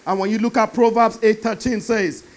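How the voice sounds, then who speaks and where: A man preaching a sermon, animated and building to emphatic shouts. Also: high-pitched, normal speed.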